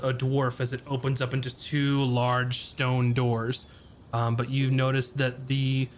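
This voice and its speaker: Man narrating a tabletop game with ums. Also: mid-range voice. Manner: descriptive, with frequent ums and uhs. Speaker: game master.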